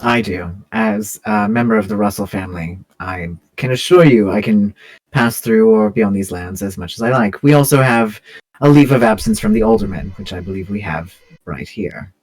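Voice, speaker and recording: A man's voice: lowish voice, normal speed. A man playing a tabletop game, speaking in character in a formal, assured noble tone. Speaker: player. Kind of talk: tabletop role-play in character.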